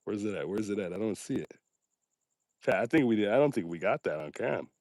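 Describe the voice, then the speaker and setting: A man's voice: on the low side, expressive, brisk, a little mellow, no echo, studio quality. A man hosting a casual livestream outdoors at night, joking and poking fun at himself as he talks straight to his chat. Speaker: livestream host.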